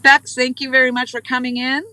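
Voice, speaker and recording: Woman live-streaming from a riverbank, chatty and rambling, very bright tone, dry close sound. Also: high-pitched, little pitch movement, a little fast, dry recording, low-quality recording. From New Hampshire. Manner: rambling, chatty, greets viewers by name mid-story. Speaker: livestream host. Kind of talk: casual live-stream chat. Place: outdoors on a riverbank, fishing.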